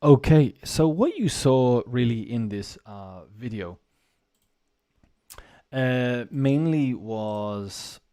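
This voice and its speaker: A man's voice: mid-range voice, lively intonation, drawn-out words, warm tone, smooth. A man hosting a casual online English lesson, talking in an encouraging, conversational way with many fillers. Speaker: English teacher and show host. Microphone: desk mic, wearing headphones at first.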